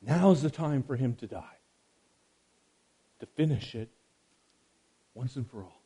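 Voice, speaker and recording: A man preaching a sermon, swinging from loud emphasis to hushed quiet and speaking straight to his listeners. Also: medium pitch, lively intonation, slow pace, husky. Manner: addresses listeners directly.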